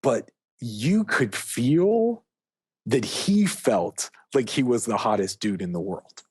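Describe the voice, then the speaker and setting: A man's voice: mid-range voice, big pitch swings, takes it slowly, darkish tone, breathy edge. A man guest on an interview, a coach speaking casually and emphatically with lots of fillers. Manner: emphatic, storytelling, heavy on fillers like "like". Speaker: guest, dating and sex coach.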